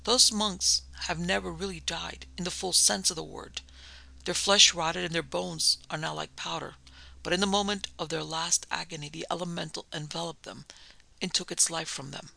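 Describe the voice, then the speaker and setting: A man's voice: on the high side, fairly even intonation, moderate pace, vocal fry, bright, forceful tone, exaggerated voice, low-quality recording. A man reading the part of an earnest young woman who knows about the occult, in an audiobook. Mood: grave. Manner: earnest, commanding. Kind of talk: audiobook character voice.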